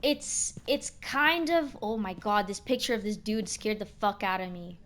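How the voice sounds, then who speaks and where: A young adult woman streaming a game and chatting casually, expressive and slangy, swearing freely. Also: medium pitch, unhurried. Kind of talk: casual chat while gaming.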